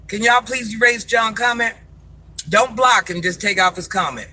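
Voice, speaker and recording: A woman's voice: on the high side, normal speed, sharp tone. An older woman, a social media personality, scolding commenters in a sassy, confrontational live rant, repeating her insults for emphasis.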